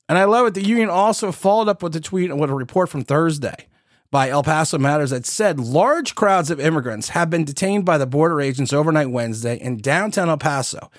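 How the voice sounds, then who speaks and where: A man in his forties rants sarcastically on his podcast, his pitch leaping and swooping as he mocks what he hears. His voice sits a little high and is recorded dry and close. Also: expressive, a little fast, dry recording. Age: 40s. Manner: sarcastic, incredulous, with mocking asides and laughs. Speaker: podcast host. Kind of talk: opinionated political commentary.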